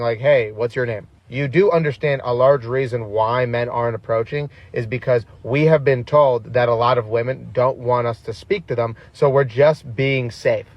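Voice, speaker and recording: A man's voice: medium pitch, no room sound. Male co-commentator, sarcastic and dry, slightly lo-fi recording. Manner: sarcastic, reads comments aloud. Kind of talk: casual reaction commentary.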